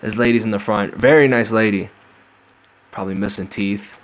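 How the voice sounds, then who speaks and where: Young man, lowish voice, casual rambling storytelling, swears a lot, acts out dialogue. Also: steady tone, normal speed, low-quality recording. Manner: rambling, profane, acts out the voices of people he met. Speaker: vlogger telling a travel story.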